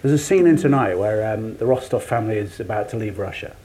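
A man's voice: lowish voice, quick pace, warm tone. A man speaking as an actor on a panel, sharing anecdotes with laughing asides. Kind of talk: panel discussion.

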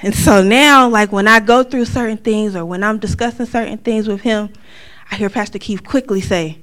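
A middle-aged woman giving a church testimony in a casual, conversational way, acting out quotes with sudden high outbursts. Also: normal speed, a bit bright. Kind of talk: testimony talk.

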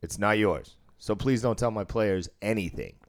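Low-voiced man telling profane stories. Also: moderate pace. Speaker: casino craps dealer. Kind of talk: casual storytelling chat.

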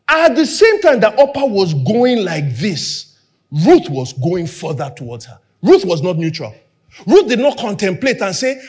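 A man's voice: extremely high pitch, moderate pace. A young man preaching a sermon, acting out quoted dialogue and dropping to near whispers for emphasis. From Nigeria. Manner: animated, acts out quoted dialogue. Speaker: pastor.

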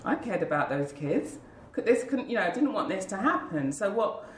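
A woman telling her own story candidly in a heartfelt, animated way, as a guest recounting her teaching career. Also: medium pitch, normal speed, echoey room, slight background noise, low-quality recording. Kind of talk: personal storytelling.

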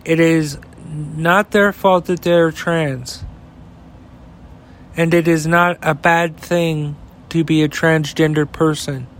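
A man's voice: on the high side, steady tone, slow, a little hiss or hum. A man, hosting a heated, profane opinion rant that rambles. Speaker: podcast host.

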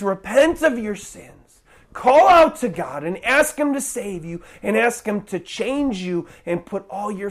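A preacher delivering an evangelistic sermon, urgent and pleading, often restarting phrases. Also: medium pitch.

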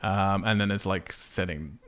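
A man's voice: deep voice, measured pace, clear, resonant tone. A man chatting casually on a podcast, telling frustrated stories with lots of swearing and acted-out exclamations. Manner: animated storyteller, swears freely, acts out frustration. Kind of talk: casual podcast chat about a video game.

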